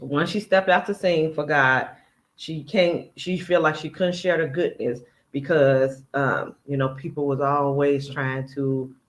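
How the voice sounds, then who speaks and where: Guy with a highish voice doing casual reaction commentary, chatty, keeps quoting and picking at what was said. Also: fairly even intonation, unhurried, poor audio. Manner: chatty, quotes and picks apart another's words. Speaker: commentary channel host.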